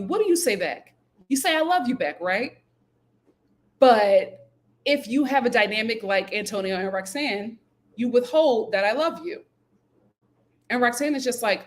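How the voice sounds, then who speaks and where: Woman, reality TV recapper, casual and animated, jumps into high voices to mimic people. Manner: animated and incredulous, acts out quotes in high voices. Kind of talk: casual reality show commentary.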